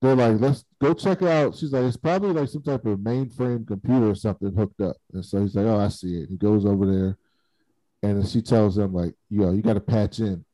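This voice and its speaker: A man's voice: lowish voice, fairly quick, mellow, no room sound, poor audio. A man in casual chat, animatedly retelling a TV episode and acting out the characters' lines. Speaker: podcast co-host recapping a TV episode.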